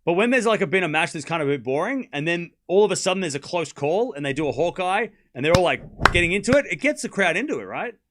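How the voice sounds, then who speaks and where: An excitable young man chats through a live tennis stream, calling out the score between tangents. His voice sits a little high and swings widely in pitch, so he sounds animated. He laughs often and repeats himself for emphasis. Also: quick pace, few pauses, background noise. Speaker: livestream tennis watchalong host. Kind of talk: casual live-stream commentary chatting with viewers.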